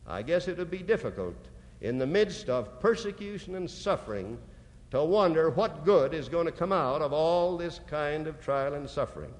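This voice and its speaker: A man preaching a sermon, slowly and dramatically, reading out scripture quotations. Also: on the high side, animated, a little mellow. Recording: long hall reverb.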